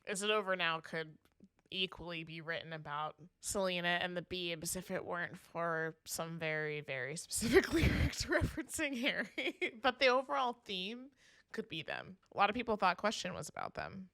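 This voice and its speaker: A young woman co-hosting a podcast in casual chat, eager and reacting quickly. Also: on the low side, very animated, fairly bright tone, dry recording, studio quality. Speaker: podcast co-host.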